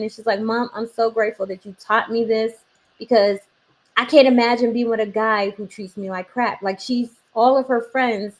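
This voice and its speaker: A woman in her forties talks through a personal story in relaxed conversation, her voice sitting slightly high. She keeps acting out what others said, shifting her delivery for each quote. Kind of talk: casual conversation.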